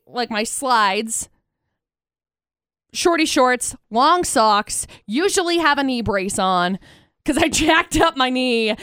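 A woman's voice: high-pitched, a bit bright, smooth, no echo, studio quality. A young woman co-hosting a morning radio show, telling stories animatedly and laughing easily. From United States. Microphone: studio microphone.

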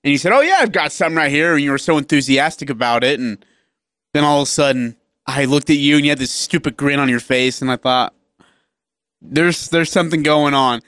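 A man's voice: medium pitch, fairly even intonation, fairly quick, fairly bright tone, no room sound, clean studio sound. A young adult man co-hosting a radio sports show, chatting casually, laughing often and acting out stories. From Utah. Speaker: radio co-host. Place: radio studio. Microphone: studio microphone.

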